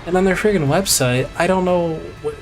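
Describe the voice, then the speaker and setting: A man's voice: high voice, fairly quick. A man live-streaming a video game, chatting casually in a rambling, exasperated way with mild swearing. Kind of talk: casual chat while playing. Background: faint video game music.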